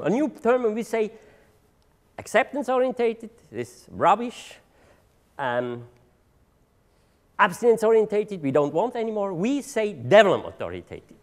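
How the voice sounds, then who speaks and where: Animated man giving a talk. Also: sits high. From Switzerland. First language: German. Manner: halting, repeats words, searches for English words. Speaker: drug treatment agency leader giving a seminar talk. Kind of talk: conference presentation. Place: seminar room.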